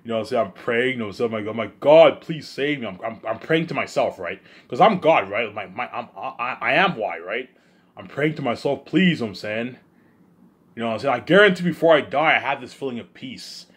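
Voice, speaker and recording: Husky man rambling in a monologue. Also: lively intonation, fast. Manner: repetitive, keeps saying "you know what I'm saying"; swings between loud outbursts and low mumbles. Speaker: host of his own listening series.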